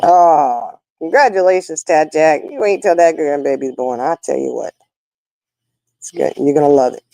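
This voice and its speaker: Chatty grandma, mellow voice. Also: female voice, sits low, moderate pace, vocal fry, dry recording, poor audio. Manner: folksy, chatty storytelling. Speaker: livestream host. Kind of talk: casual chat with viewers.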